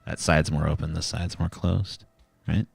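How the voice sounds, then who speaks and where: A man's voice: a bass voice, flat delivery, moderate pace, gravelly, slightly rough. A man hosting a livestream, ranting brashly and mockingly at chat with lots of swearing, into a handheld mic held close. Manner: brash, foul-mouthed, mocking. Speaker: livestream host. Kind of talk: casual profane ranting to chat. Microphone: handheld microphone, close.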